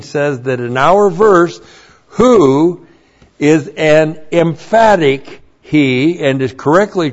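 Slow, deliberate man teaching scripture. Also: medium pitch, a little mellow. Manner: slow, deliberate, spells out Hebrew words letter by letter. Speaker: Bible teacher. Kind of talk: verse-by-verse Bible teaching. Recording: dull lo-fi recording.

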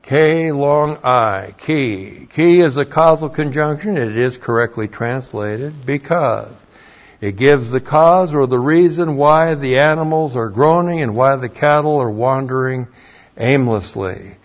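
A man teaching a verse-by-verse lecture on scripture, slow and methodical, spelling words out letter by letter, with blunt, emphatic asides. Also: mid-range voice, dull audio. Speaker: Bible teacher.

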